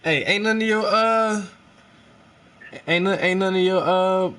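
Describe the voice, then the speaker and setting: A man's voice: sits high, unhurried, fairly bright tone, clean tone. A man hosting a casual chat, laid-back and amused, egging his guest on. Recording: noisy background.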